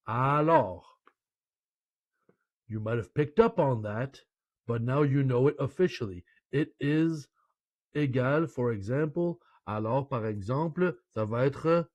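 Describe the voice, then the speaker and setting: A Canadian man teaches French online, speaking slowly and unhurriedly in a chatty, playful manner and often dropping French phrases into his English explanations. His voice is mid-range and a little mellow. The audio is dry and close, without room sound or echo.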